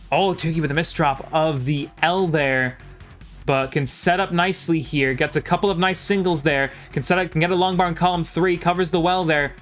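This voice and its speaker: Man, a touch high-pitched, calling a game live and chatting with viewers, soft music underneath. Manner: quick play-by-play, chatting with viewers between plays. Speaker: commentator. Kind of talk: live game play-by-play commentary.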